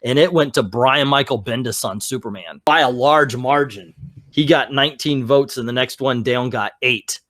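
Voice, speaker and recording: A man hosting a casual comics chat, reading out award results in a relaxed conversational way. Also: mid-range voice, normal speed, no echo, clean studio sound. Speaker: podcast host presenting awards.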